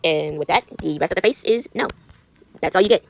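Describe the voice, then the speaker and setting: A woman's voice: fairly low pitch, animated, fairly quick, creaky. A woman video creator chatting while she colors. She talks in a sassy, rambling way and often stumbles and restarts her words.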